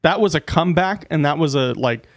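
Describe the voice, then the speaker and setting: A man co-hosting a casual fight recap podcast, chiming in with quick agreement and short takes. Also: a little high, animated, no room sound, clean studio sound. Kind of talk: casual chat.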